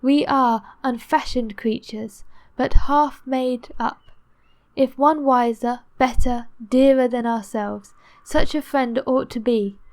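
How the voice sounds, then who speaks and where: A broken, grief-stricken nobleman from a classic audiobook, read by a woman. The voice sits a touch high and pushes out with impassioned force, heavy with lasting despair. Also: fairly even intonation, takes it slowly, darkish tone. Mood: anguished. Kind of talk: audiobook narration.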